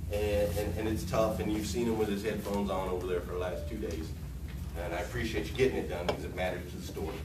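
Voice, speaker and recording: A man's voice: low-pitched, far from the mic. A man running a morning sales meeting at a car dealership, joking and motivational, talking to staff in the showroom. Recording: roomy, off-mic with room noise.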